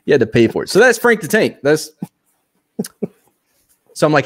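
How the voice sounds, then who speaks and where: A man and former soldier telling a story in casual live-show chat, animated and laughing often. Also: on the high side, moderate pace.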